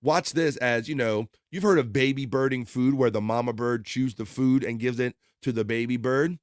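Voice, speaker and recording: A man's voice: medium pitch, moderate pace, no echo, studio quality. A man hosting a podcast, chatting casually while he plays and comments on video clips, laughing often and trailing off mid-sentence. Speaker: podcast host showing clips.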